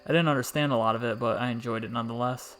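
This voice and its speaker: A man reading a story aloud in a calm, reflective way with dry, wry asides. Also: medium pitch, rapid-fire. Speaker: story narrator. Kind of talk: scripted storytelling narration. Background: faint background music.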